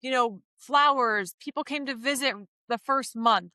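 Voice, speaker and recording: High, bright-voiced woman, reflective guest. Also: a little slow, dry recording. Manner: thoughtful, gently reflective. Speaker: guest author. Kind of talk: reflective interview talk.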